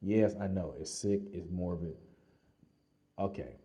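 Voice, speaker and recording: A man vlogging, telling a lively personal story in casual slang with frequent laughs. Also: low voice, measured pace.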